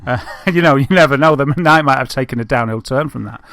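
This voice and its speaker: A man's voice: medium pitch, fast, creaky, fairly bright tone, dry recording, studio quality. A man with a Northern English accent, co-hosting a casual podcast and rambling through stories with plenty of fillers. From Northern England. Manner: chatty, rambling storyteller with many fillers. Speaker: podcast co-host. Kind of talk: casual chat.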